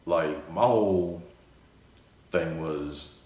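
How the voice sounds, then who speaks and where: Deep-voiced young man, rambling story. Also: very slow, darkish tone. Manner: rambling, full of "you know" and "like". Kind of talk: casual storytelling. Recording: echoey room.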